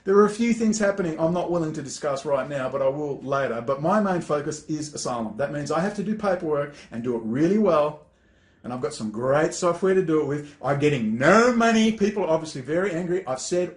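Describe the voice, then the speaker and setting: A man's voice: on the high side, animated, a little fast. A man giving an angry, exasperated rant as a political commentator, swearing often. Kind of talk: ranting monologue. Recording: echoey room.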